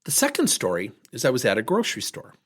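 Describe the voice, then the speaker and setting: Husky-voiced man telling stories animatedly. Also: mid-range voice, fast. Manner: candid, animated storyteller. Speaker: podcast host and coach. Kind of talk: personal storytelling monologue.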